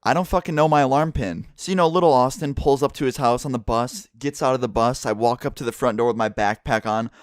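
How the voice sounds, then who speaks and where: A young man telling a casual storytime vlog story, animated and profane, acting out the quotes. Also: medium pitch, no echo, studio quality. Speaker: vlogger.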